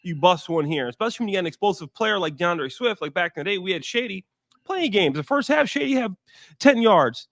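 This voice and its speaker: High-voiced man breaking down football. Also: lively intonation, fast talker, vocal fry, a bit bright, no echo, clean studio sound. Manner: emphatic, repeats points for stress. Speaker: former NFL player, guest. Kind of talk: casual sports analysis chat.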